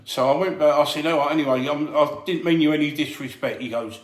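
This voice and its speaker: A man with a somewhat high voice tells a story from his doorman days, slipping into the voices of the people he quotes. His telling is lively and animated. The sound is roomy and echoey. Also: moderate pace. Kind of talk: casual anecdote telling. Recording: echoey room.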